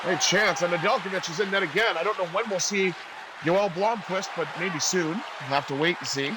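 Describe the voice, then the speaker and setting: Man, high voice, excitable game commentary, noisy home recording. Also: normal speed, a loud crowd. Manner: excitable, rises sharply on big plays. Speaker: host doing play-by-play of a video game.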